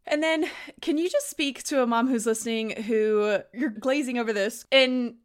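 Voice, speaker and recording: An attentive woman hosts the podcast and draws out her guest with questions. Her voice sits a little high and sounds smooth and resonant, and she keeps her guest talking with short affirmations. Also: moderate pace. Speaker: podcast host. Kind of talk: interviewing.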